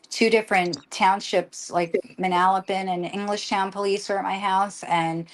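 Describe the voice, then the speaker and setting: Older woman telling a painful story. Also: fairly low pitch. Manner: rushed, emotional storytelling with many restarts and quoted dialogue. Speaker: guest. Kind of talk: emotional personal account in a live conversation.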